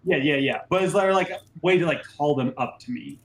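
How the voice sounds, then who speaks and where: A man's voice: a little high, fairly quick, echoey room. A man playing a tabletop role-playing game in character, stammering and flustered, with lots of restarts. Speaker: player.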